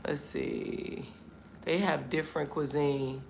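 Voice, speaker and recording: Middle-aged American woman, low and gravelly, hosting a chatty livestream and answering comments. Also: steady tone, slow, a little hiss or hum. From United States. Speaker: livestream host. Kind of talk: casual livestream chat. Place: Vietnam.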